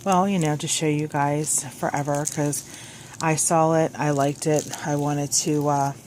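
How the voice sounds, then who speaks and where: Crafting vlogger, woman, low pitch, rambling and self-correcting, phone mic with faint hiss. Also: steady tone, unhurried, a little mellow. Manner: chatty, scattered, self-correcting. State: a little out of breath at the start. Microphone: phone clipped on, hands-free.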